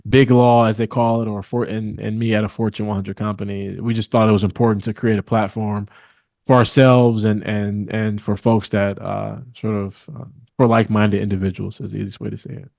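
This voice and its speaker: A man's voice: on the low side, flat delivery, fairly quick, gravelly, darkish tone, no echo, clean studio sound. A man from Milwaukee, a guest attorney, talking earnestly in a casual interview with many fillers. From Milwaukee, Wisconsin.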